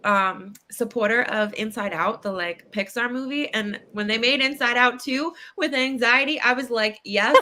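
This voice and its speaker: Bright-voiced young woman therapist. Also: fairly high pitch, normal speed, hardly any pauses, a little hiss or hum. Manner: animated, acts out kids' voices with laughs. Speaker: child therapist, guest. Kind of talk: casual interview talk.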